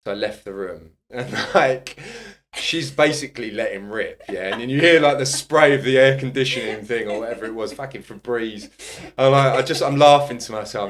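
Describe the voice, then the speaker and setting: A man's voice: mid-range voice, normal speed, hardly any pauses. A man, a personal trainer and podcast guest, telling a casual anecdote with lots of swearing and laughter. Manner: animated, swearing, laughing storyteller.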